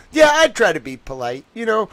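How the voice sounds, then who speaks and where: Here a young man hosts a livestream with a high-sitting voice and no room sound at all. He rambles casually and meanderingly, saying "like" and "I don't know" a lot, with wry laughter breaking up his stories.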